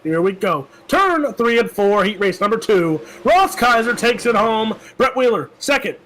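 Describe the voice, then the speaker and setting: A man giving joking, quick play-by-play commentary on a sim race. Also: high voice, very animated, a bit bright, slight background noise, poor audio.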